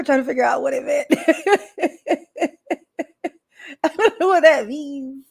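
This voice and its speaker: A woman's voice: high-pitched, slow pace, gravelly, long pauses. A woman live streamer, chatting casually with viewers, rambling and laughing often.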